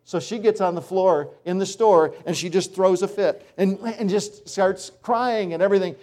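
A middle-aged male pastor preaching a sermon, animated and acting out complaining voices now and then. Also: high voice, normal speed.

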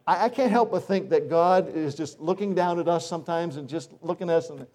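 A middle-aged male pastor preaching a sermon, animated and acting out complaining voices now and then. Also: a little high, a little fast.

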